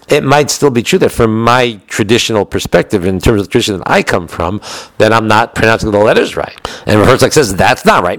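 A man with an American accent giving a lesson on Jewish law, explaining in a quick, conversational way with frequent restarts. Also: medium pitch, dry recording, poor audio. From United States. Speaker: Torah teacher.

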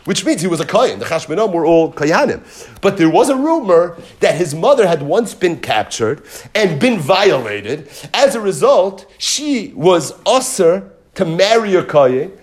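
A man giving a Talmud lesson, retelling and explaining the story in an animated, dramatizing way. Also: high-pitched. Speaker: teacher.

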